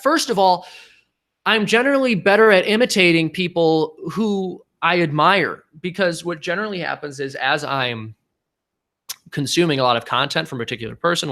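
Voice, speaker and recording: Bright-voiced rambling young-sounding man. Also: fairly high pitch. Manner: long-winded, rambling, self-deprecating. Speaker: host of a live stream. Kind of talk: casual live-stream chat.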